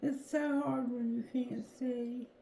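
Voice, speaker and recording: A woman doing a tarot reading, reading card text aloud slowly and haltingly, correcting herself as she goes. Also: medium pitch, steady tone, dark tone. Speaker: tarot reader. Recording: roomy echo.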